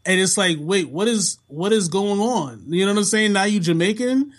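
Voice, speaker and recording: Casual podcast co-host, man, high-pitched and animated, quick to laugh. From half Bajan, family in Toronto. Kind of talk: casual chat.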